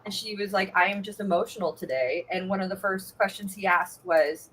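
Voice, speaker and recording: A woman life coach chatting casually, an animated storyteller who acts out the quotes she tells. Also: mid-range voice, a little fast, slight background noise, low-quality recording. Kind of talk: casual chat.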